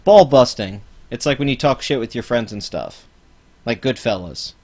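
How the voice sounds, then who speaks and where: A man's voice: medium pitch, big pitch swings, normal speed. Profane ranting man. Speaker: channel host. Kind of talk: live-stream reaction commentary.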